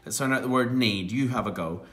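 A man teaching a phonics lesson to young children, encouraging them and sounding out words clearly. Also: mid-range voice, fairly quick.

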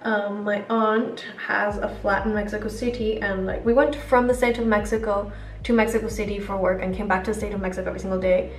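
A woman's voice: mid-range voice, steady tone, fairly quick. A young adult woman vlogging chattily while doing her makeup, rambling with lots of fillers. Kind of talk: chatty get-ready-with-me vlog. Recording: roomy echo, distant mic, faint music.

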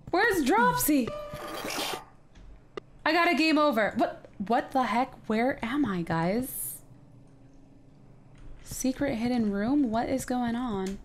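A woman hosting a let's play, chatting excitedly and often sounding confused as she plays. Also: a little high, a little hiss or hum. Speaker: gaming video host.

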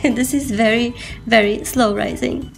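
A woman's voice: fairly high pitch, steady tone, a little slow, vocal fry, music in the background. A woman hosting an unboxing vlog, a little sick and slightly out of breath, giggling and gushing over each item as she draws out repeated words. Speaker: host.

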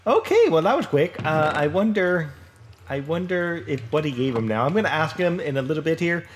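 A man's voice: fairly high pitch, moderate pace, a little hiss or hum. A man hosting a casual let's play, chatting his way through a building session with lots of fillers, restarts and self-deprecating remarks. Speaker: Minecraft let's play host. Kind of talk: casual gameplay commentary.

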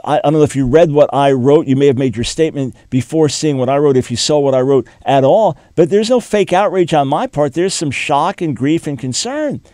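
A middle-aged male talk show host with a fairly high voice gives an earnest commentary. He speaks straight to the person he is criticizing and stumbles over repeated words. The studio sound is dry and close. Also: animated, a little fast, hardly any pauses, dark tone, dry recording. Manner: earnest, addresses the absent subject directly with many repeated words. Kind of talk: commentary monologue.

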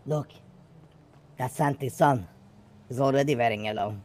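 A man's voice: mid-range voice, moderate pace, darkish tone. A man talking in character during role-play, rambling, swearing often and laughing at his own stories. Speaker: role-play gang member.

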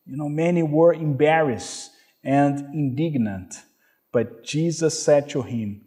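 Guy preaching a sermon, kinda high voice, super slow and deliberate, lots of hallelujahs. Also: mellow. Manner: earnest, emphatic preaching with frequent "you know" and "hallelujah". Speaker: pastor.

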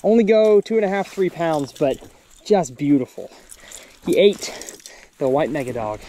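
Excitable man cheering on bass. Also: measured pace, slight background noise. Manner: excitable, exclaims and talks to the fish. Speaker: fishing channel host. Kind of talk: excited fishing vlog commentary. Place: outdoors on a boat on the water.

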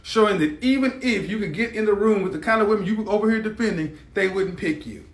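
A man's voice: high voice, fast, echoey room. A man hosting a live stream, ranting in a blunt, mocking, combative way.

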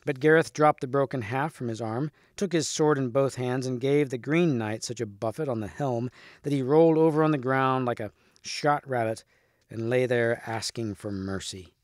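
List: male teacher, storybook read-aloud, steady, middle pitch, dry close sound. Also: moderate pace, dry recording.

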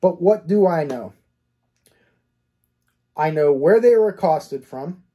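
Husky-voiced man analyzing a cold case. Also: a little high, animated, takes it slowly, dark tone. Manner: reasons step by step with rhetorical questions and repeated "okay?".

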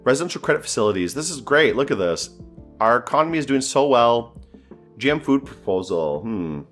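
A man's voice: medium pitch, sing-song, a little fast, fairly bright tone, faint music behind. A man giving casual, joking commentary while playing a strategy game, thinking aloud and sounding exasperated. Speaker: gameplay streamer.

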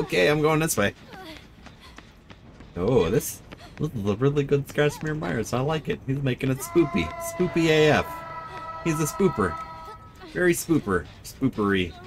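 A man streaming a game live, chatting with friends, often yelping and laughing. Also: mid-range voice. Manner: excitable, yelps and laughs often. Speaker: gaming streamer.

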